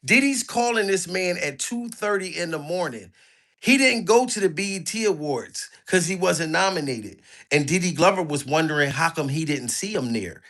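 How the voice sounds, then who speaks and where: Man, comic reaction vlogger, high-pitched, bright and forceful, mocking, animated. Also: moderate pace. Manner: animated, mocking, begs for likes. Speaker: commentary vlogger.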